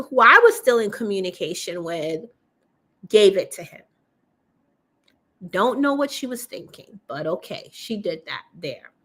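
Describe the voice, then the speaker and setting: A woman hosts a casual livestream, answering viewers directly. Her voice sits slightly high, and she tells her own story candidly and conversationally, with easy fillers. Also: a bit bright.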